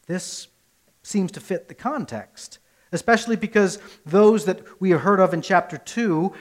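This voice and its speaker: Male pastor, somewhat high voice, earnest sermon, emphatic swells and quiet drops. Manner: earnest, rises to emphatic peaks then drops low; rhetorical questions and repetition.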